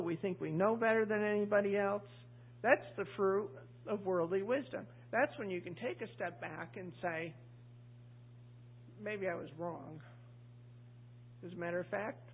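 Husky woman preacher chatting thru a sermon, tinny phone-like sound. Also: medium pitch. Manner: chatty, asks the congregation questions, acts out voices. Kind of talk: conversational sermon.

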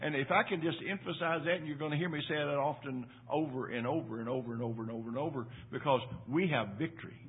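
An older man preaching a sermon in church, swinging from loud emphatic peaks to low quiet asides and repeating phrases for emphasis. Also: fast talker, hardly any pauses, breathy edge. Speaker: pastor. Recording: tinny phone-like sermon audio.

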